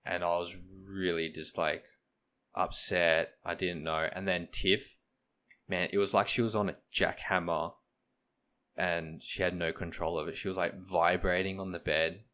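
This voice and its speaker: A man's voice: sits low, level tone, measured pace, sharp tone. A young man, co-hosting a casual podcast and retelling stories with acted-out quotes. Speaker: podcast co-host. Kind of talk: casual chat, storytelling.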